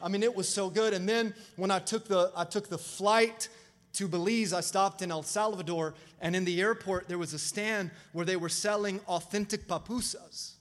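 A man preaching a lively sermon as pastor, calling out to the congregation for responses. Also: sits high, normal speed. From Florida. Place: church sanctuary.

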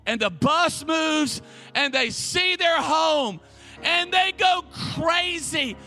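A man preaching an energetic sermon at a church service. He shouts with fervor and repeats words in rapid bursts. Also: very high voice, faint music behind. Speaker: pastor.

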